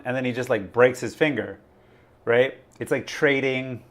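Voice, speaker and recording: A man's voice: medium pitch, normal speed. A man hosting a crypto live stream, talking in a rambling, chatty way full of fillers. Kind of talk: casual live-stream chat.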